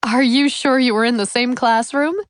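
A woman's voice: a little high, steady tone, normal speed, clean tone, dry recording, clean studio sound, pitched above the performer's own voice, close to an everyday voice. A woman voicing a cheerful mother who teases the girls in a storybook reading. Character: warm, cheerful mother of a schoolgirl.

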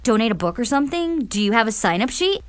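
A woman voicing a popular, excited teenage boy in a storybook reading. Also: medium pitch, natural voice. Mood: eager. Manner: excited, quick questions. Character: popular eager teenage boy, class president.

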